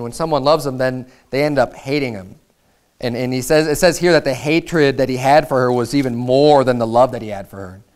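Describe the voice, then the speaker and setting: A male pastor preaching a sermon in a conversational way, often repeating words as he paraphrases scripture. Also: medium pitch.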